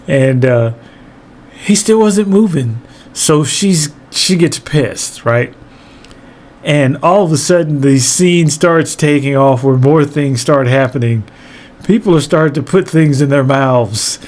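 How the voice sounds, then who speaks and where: A man telling a funny story from his childhood, animated and profane, often laughing as he goes. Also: on the high side, slow pace. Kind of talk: comedic storytelling monologue.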